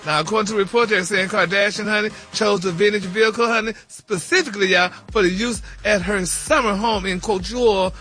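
Sassy bright-voiced male gossip host. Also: high-pitched, steady tone, brisk, hardly any pauses, soft background music. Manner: sassy, sprinkles "honey" and "y'all". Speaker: celebrity news host. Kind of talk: radio gossip segment.

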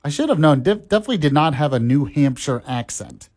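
A man's voice: fairly high pitch, animated, quick pace, a little mellow. A man hosting a talk radio show, chatty and laughing often. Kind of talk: casual talk radio chat.

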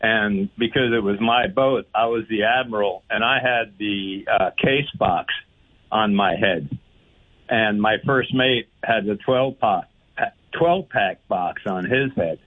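A man's voice: on the low side, slow pace. A man calling into a radio show and telling a story in a chatty, hesitant way, with many fillers. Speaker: radio caller. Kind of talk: casual anecdote over the phone. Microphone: telephone. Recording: tinny phone line.

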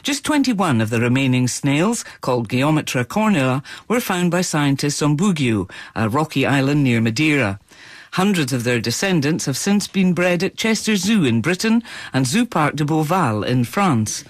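A male newsreader delivering a scripted radio bulletin in a measured, formal way. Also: a little high, big pitch swings, no room sound, studio quality.

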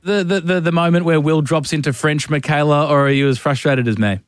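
A man's voice: on the high side, no echo, clean studio sound, faint music behind. A man hosting a radio quiz, teasing his co-host and filling gaps with ums. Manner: teasing, quick, lots of ums.

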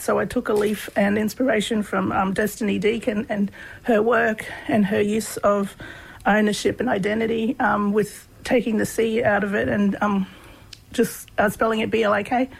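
An Australian woman, a guest researcher, telling personal stories in a relaxed, chatty way with lots of fillers. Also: mid-range voice, vocal fry, slightly rough, low-quality recording. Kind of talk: conversational storytelling.

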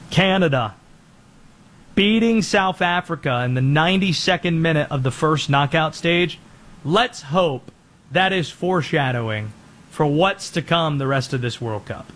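On his sports talk show, this male host rattles through rapid-fire takes and also reads an advertisement. He speaks quickly and energetically, his pitch bouncing up and down.

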